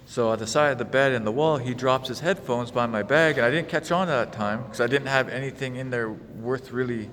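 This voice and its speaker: A man's voice: medium pitch, moderate pace, a bit bright, big-room sound, slight background noise. A man telling an exasperated, casual story in his vlog. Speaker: vlogger.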